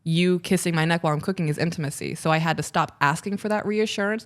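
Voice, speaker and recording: A woman co-hosting a relationship podcast, speaking earnestly in a casual chat. Her voice sits a little low for a woman. She sometimes stumbles over a word and laughs easily. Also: fast. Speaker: podcast co-host. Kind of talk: casual podcast chat, reading listener letter.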